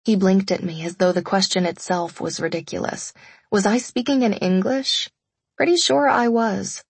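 A woman's voice: medium pitch, normal speed, vocal fry, slightly rough, dry recording. A woman narrating a romance audiobook in the first person, intimate and confessional.

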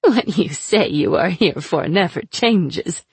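A woman voicing a cruel, sly chained sorceress who mocks her captor in a slow, drawn-out way. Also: lowish voice, lively intonation, darkish tone, slightly rough, dry recording, full character voice. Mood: taunting. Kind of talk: audiobook character voice.

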